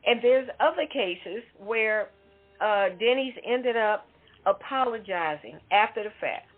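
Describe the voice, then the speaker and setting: A woman's voice: a little high, lively intonation, measured pace. A woman co-hosting a talk show, giving an emphatic, indignant commentary. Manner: emphatic, indignant, conversational with asides. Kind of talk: opinion commentary segment. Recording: tinny phone-line audio.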